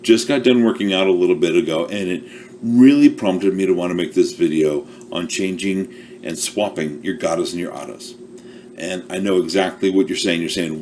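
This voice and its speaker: A man's voice: sits low, moderate pace, darkish tone, a little hiss or hum. A man coaching small businesses on marketing in a chatty, self-deprecating, casual talk to camera. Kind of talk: casual talking-to-camera advice.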